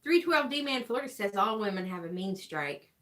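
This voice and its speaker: A woman's voice: mid-range voice, expressive, fairly quick, a bit bright. A woman, co-hosting a casual livestream, reading out viewer comments in a chatty, teasing way. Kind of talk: casual live-stream chat.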